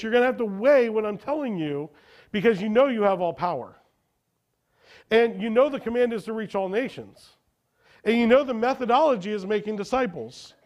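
A man's voice: high-pitched, darkish tone. A man preaching a sermon as a pastor, often asking the congregation questions and answering them himself.

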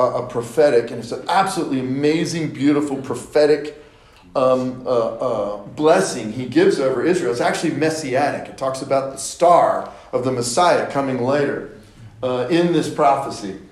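A man's voice: mid-range voice, normal speed, darkish tone, echoey room, poor audio. A man teaching a Bible study, retelling scripture stories casually and acting out the characters with playful asides.

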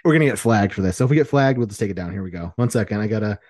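A man's voice: lowish voice, lively intonation, very fast, darkish tone. A man co-hosting a casual podcast, teasing and pushing his co-host along. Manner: pushy, teasing, urging. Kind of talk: casual chat.

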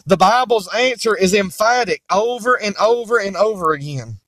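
A man's voice: high voice, animated, moderate pace, hardly any pauses, a bit bright, dry recording. A male preacher delivering an emphatic, repetitive sermon that quotes King James scripture. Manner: voices imagined objections in a mocking tone.

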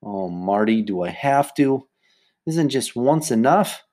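A man's voice: on the high side, big pitch swings, moderate pace, a little mellow, pitched above the performer's own voice. Guy voicing a nervous little girl, pleading and jittery, storybook read. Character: anxious ten-year-old girl learning to swim.

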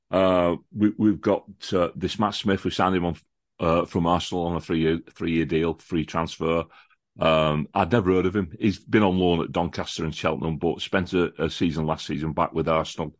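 A man with a deep, low voice talks casually about football as a podcast guest. He is enthusiastic and chatty, often restarting and repeating words. The sound is dry, with no room echo. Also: steady tone, normal speed. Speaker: podcast guest, lifelong fan of the visiting football club. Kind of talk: casual chat, football preview.

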